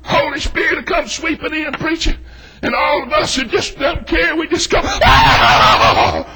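A middle-aged man with a Southern US accent preaching a fiery, folksy sermon, shouting and whooping with exclamations. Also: very high-pitched, moderate pace, rough recording. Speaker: Baptist preacher. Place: church sanctuary.

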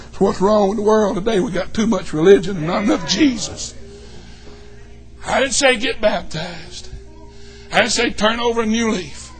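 A man preaching a fervent, folksy sermon in a church, shouting and whooping as he jokes with the congregation. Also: sits high, moderate pace, soft background music. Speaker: pastor.

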